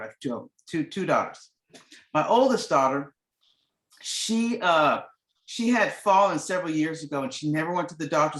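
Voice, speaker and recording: A woman's voice: low voice, a bit bright. Rambling middle-aged woman telling a story. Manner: rambling, restarts often, acts out quoted dialogue. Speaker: guest giving a testimonial. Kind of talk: casual storytelling. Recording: echoey room sound.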